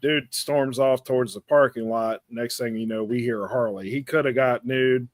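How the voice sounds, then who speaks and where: A man tells a rambling, crude story on a podcast, in the loose way of casual chat. His voice sits at an ordinary pitch. The sound is dry and close, with no room echo. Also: normal speed. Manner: rambling, animated anecdote with crude language. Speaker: podcast co-host.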